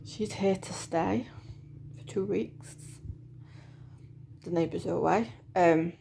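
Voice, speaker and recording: A woman in her thirties talks through a personal vlog update in a low voice. Her voice is strongly gravelly, full of vocal fry. She speaks in a chatty, hesitant way, with lots of fillers. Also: takes it slowly, mellow, a little hiss or hum. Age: 30s. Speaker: vlogger.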